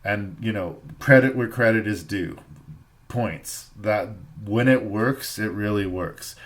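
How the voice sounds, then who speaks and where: A man from Canada hosting a podcast, giving a thoughtful, measured film review in casual chat and repeating phrases for emphasis. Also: on the low side. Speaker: podcast host.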